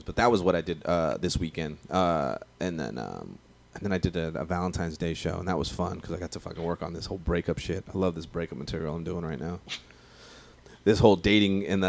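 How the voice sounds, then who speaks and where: A man, a stand-up comedian telling stories in a slangy, profane, rambling way during a casual podcast chat. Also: sits low.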